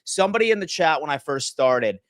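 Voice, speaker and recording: Energetic man hosting a sports livestream. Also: a little high, a little fast, no room sound, clean studio sound. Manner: energetic, reads chat shout-outs aloud. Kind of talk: live sports talk stream.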